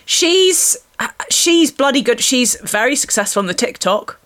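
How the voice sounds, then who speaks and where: Woman, podcast host, lively pitch, self-deprecating chat. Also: a little slow. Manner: chatty, self-deprecating, laughs often. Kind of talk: casual chat.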